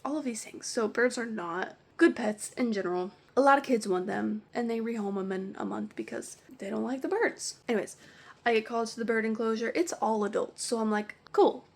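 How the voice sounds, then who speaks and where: A woman vlogger telling a ranting storytime about her work, animated and full of "like". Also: a little high, fairly quick, vocal fry. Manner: animated, heavy use of "like". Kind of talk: storytime rant.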